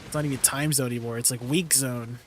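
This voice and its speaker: A man's voice: mid-range voice, fairly even intonation, fast, a little hiss or hum. A young man streaming live, casually chatting with viewers and riffing on their messages in an easily amused way. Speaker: livestreamer reading chat. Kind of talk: casual chat with viewers while gaming.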